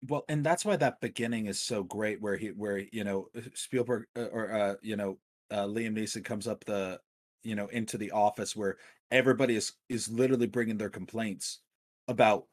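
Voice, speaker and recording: Low-voiced rambling enthusiastic man. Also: moderate pace. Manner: enthusiastic, rambling with many fillers. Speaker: podcast co-host. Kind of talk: casual film discussion.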